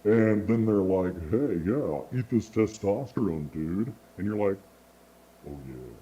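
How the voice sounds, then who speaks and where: Guy on a super low macho voice effect, slow and dark, kinda muffled mic. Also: expressive. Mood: mock-macho. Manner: mock-macho, drawling. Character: deep-voiced macho man made by a voice changer. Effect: deep pitch-shifting voice changer.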